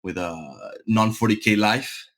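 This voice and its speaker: An American man joins a podcast as a guest and talks in a relaxed, easygoing manner. His voice sits a little low. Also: measured pace. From United States. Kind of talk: casual podcast chat.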